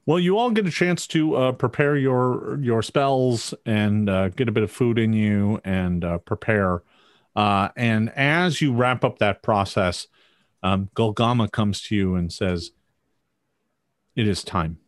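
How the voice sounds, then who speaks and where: A man's voice: on the low side, unhurried, no room sound. A man narrating as game master of a tabletop game, hesitant and full of ums and restarts.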